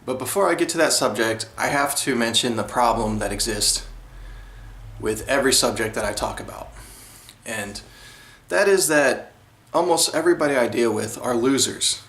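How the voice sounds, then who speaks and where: A man's voice: mid-range voice, expressive, normal speed, a bit bright. A man talking straight to camera in an indignant, repetitive monologue. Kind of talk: monologue vlog. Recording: roomy echo.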